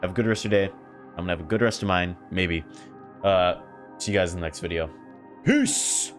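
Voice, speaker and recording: A man's voice: sits low, fairly even intonation, fast talker, music in the background. A young man giving a casual, frustrated anime review, often swearing and exasperated.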